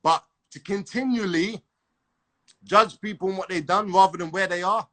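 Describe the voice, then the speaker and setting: A man's voice: sits high, normal speed, a bit bright. A man hosting a casual podcast chat, laid-back and persuasive, full of slang.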